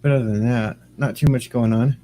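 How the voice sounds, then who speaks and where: A man's voice: medium pitch, steady tone, brisk, dark tone. A man casually chatting on his livestream, rambling and greeting viewers by name. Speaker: streamer and radio host.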